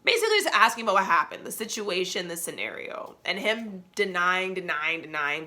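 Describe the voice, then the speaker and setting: A young adult woman hosting a podcast, telling a personal story in a candid, slangy, animated way. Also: fairly low pitch, brisk, hardly any pauses. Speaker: podcast host.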